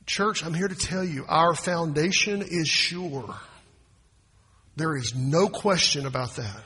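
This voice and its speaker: A man preaching a sermon as pastor, swinging from quiet asides to loud, emphatic proclamations. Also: a little high, animated, unhurried, breathy edge. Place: church sanctuary. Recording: long hall reverb.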